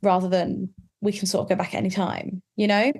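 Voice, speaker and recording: A woman's voice: medium pitch, flat delivery, fairly quick, gravelly, darkish tone. A woman guest on a casual podcast chat, talking in a chatty, reflective way and often qualifying herself.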